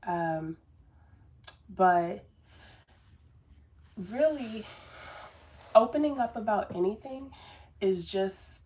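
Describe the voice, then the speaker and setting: Speaking to camera with lively intonation, drawn-out words, and frequent pauses, a business coach with a medium-pitched, slightly mellow voice gives a casual motivational talk. She rambles earnestly with lots of fillers and restarts, calling herself very sensitive.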